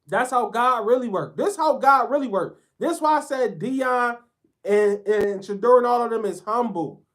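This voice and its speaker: A man's voice: very high voice, normal speed, fairly bright tone. A man giving a heated sports commentary rant, talking bluntly in profane slang.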